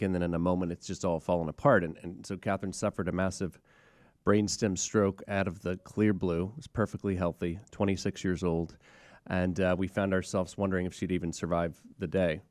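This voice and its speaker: A man tells a somber personal story in a deep, flat, reflective voice. The recording is dry and close, with no room sound. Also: no room sound. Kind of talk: personal testimony.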